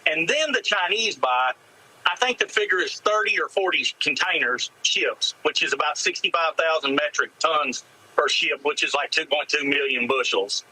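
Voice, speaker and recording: Male farmer in a news clip, frustrated and detailed, slightly raised pitch. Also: moderate pace, pushed and bright, husky, rough recording. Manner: frustrated, detailed explanation of figures.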